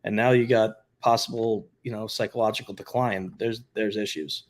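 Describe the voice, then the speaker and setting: A man's voice: lowish voice, steady tone, moderate pace. Offhand, blunt male livestream host. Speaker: retired law enforcement livestream host. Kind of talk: casual livestream chat, answering viewer comments.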